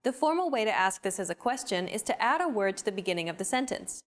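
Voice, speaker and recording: A woman narrating a scripted language lesson in a clear, upbeat, explaining manner. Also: mid-range voice, very animated, fast talker.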